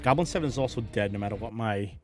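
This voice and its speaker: A man running a tabletop game as game master, narrating combat in a lively way and adding sound effects. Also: on the low side, fast talker, music in the background.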